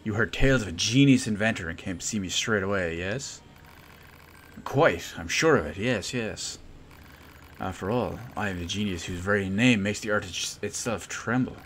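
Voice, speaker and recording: A man voicing a swaggering robot inventor in a video game, all grand theatrical boasts and old-fashioned flourishes, forever angling for funds. The voice sits fairly low and is delivered with pompous self-importance. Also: moderate pace, fairly bright tone, a little hiss or hum, lightly acted.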